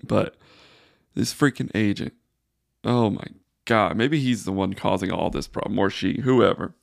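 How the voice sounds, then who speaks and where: A man's voice: on the low side, unhurried, creaky, no room sound, clean studio sound. A man hosting a solo sports podcast, ranting in exasperated frustration. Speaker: podcast host.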